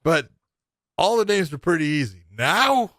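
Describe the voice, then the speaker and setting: A middle-aged man co-hosts a casual MMA podcast in a fairly high, bright voice with big pitch swings, speaking unhurriedly. He's enthusiastic, repeats himself, and swears casually. The studio sound is clean, with no room echo.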